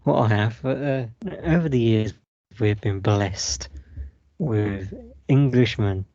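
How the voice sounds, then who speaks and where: A man co-hosting a football podcast in a low, mellow voice, bantering and teasing his partner. His audio comes through a dull, lo-fi mic that sounds dry and boxy. The delivery is loose and conversational. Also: takes it slowly, no echo. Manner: joking, teasing asides. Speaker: podcast co-host.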